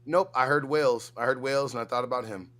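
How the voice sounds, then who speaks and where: A man co-hosting a casual livestream chat, loud and profane, with exaggerated reactions while reading news items aloud. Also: medium pitch, fast talker. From United States. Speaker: co-host.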